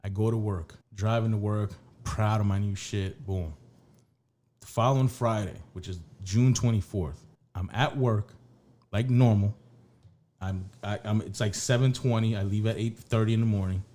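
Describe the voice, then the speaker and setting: A man's voice: on the low side, steady tone, normal speed, mellow. A man co-hosting a podcast, telling a long story in casual chat, rambling and swearing, with many restarts. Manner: rambling, profane, restarts often. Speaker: podcast co-host.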